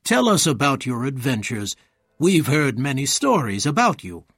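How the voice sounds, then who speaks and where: A wary older nobleman, courteous and careful, his voice slightly husky and lively in tune, as a male storyteller plays him. Heard dry and close in a storybook reading. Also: mid-range voice, normal speed, no echo, heavily acted. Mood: polite.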